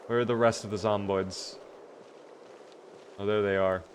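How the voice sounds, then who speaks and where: A man streaming a survival game live, chatting to his viewers and reacting with sudden bursts of excitement. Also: on the low side, a little slow, slight background noise.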